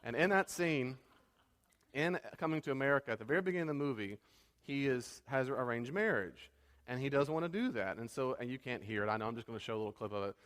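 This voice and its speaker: Man, pastor, church teaching talk, conversational, mid-pitched voice, long hall reverb. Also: quick pace. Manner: conversational, animated, stumbles over words.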